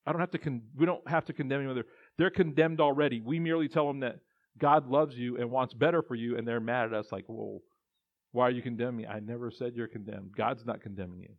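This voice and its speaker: A man's voice: medium pitch, quick pace, no echo. Man preaching a casual sermon. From Texas. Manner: conversational preaching with many restarts and acted-out quotes. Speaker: pastor. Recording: dull, muffled dry sound.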